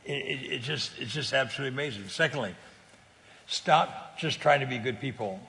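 An older man from California speaks in a gravelly, middle-pitched voice. He tells stories earnestly and conversationally, stumbling over repeated words and laughing easily. A long reverb trails behind his voice. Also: fairly quick, pushed and bright. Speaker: guest speaker on faith sharing. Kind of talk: conversational testimony.

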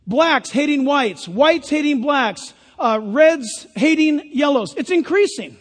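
A man's voice: very high voice, lively intonation, takes it slowly, big-room sound. A man preaching a sermon as pastor, emphatic with sarcastic asides.

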